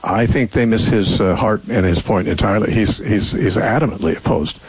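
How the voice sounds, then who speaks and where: A man's voice: fairly low pitch, moderate pace, slightly rough, dry recording, rough recording. An older man hosting a call-in radio Bible show, answering callers with thoughtful, rambling explanations full of fillers and restarts.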